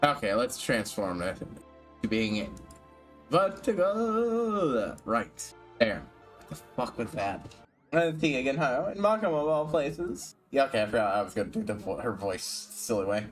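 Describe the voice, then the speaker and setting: A man's voice: mid-range voice, sing-song, moderate pace, soft background music. A man streaming a video game, chatting casually, often swearing and stumbling over his words. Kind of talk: casual gaming commentary.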